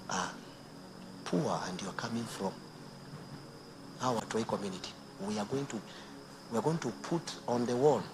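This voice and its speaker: A Kenyan man preaching a sermon to married women, swinging between hushed near-whispers and loud emphatic bursts, mixing Swahili phrases into his English. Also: mid-range voice. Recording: noisy outdoor recording with insects.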